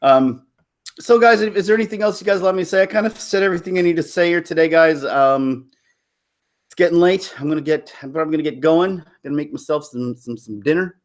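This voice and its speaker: Man, casual livestream chat, slightly high voice, rambling, laughs a lot, restarts sentences. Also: a little fast. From Toronto, Canada. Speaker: livestream host. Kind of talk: casual live-stream chat.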